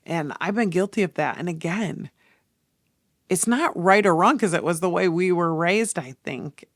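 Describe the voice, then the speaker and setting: A woman's voice: lowish voice, normal speed, no room sound, studio quality. A woman in her forties hosting a podcast, talking in an earnest, confessional way straight to her listeners. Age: 40s. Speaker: podcast host. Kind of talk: casual podcast monologue.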